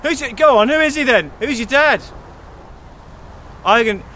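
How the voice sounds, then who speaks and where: A man's voice: very high-pitched, lively intonation, moderate pace, slight background noise, heavily acted. A man playing a drunk, dishevelled businessman in a park, hurling slurred, belligerent insults. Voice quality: slurred, belligerent, shouting bursts.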